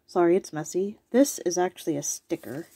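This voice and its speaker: A woman's voice: lowish voice, moderate pace, mellow, slightly rough. A woman with an allergy-worn voice, chatting casually at her home desk as a video host, rambling with asides and ums. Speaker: YouTube host. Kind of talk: casual chat about cryptids.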